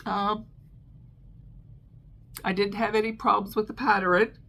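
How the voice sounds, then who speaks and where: A woman's voice: mid-range voice, flat delivery, a little slow, gravelly, a bit bright. A middle-aged woman vlogger chatting casually about her crochet, with frequent ums and restarts. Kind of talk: casual chat.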